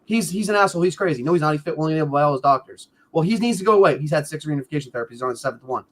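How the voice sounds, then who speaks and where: Guest role: man with a New England accent, high voice, rapid rambling and swearing. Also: lively intonation. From northern US. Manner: fast, rambling and profane, loud bursts. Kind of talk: livestream interview.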